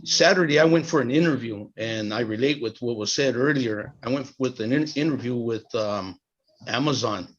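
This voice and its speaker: A middle-aged man talks over a video call, sharing in a support group and stumbling through fillers and restarts. His voice sits at an ordinary pitch. The sound is a little dull and muffled from the call. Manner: halting, many restarts and fillers. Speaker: group participant.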